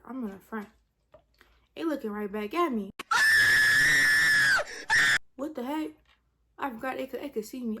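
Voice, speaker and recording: A woman's voice: medium pitch, a little hiss or hum. Young woman telling a storytime with AAVE. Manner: animated, dramatic retelling with acted-out quotes; drops to a whisper for asides. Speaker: vlogger. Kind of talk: casual storytime chat.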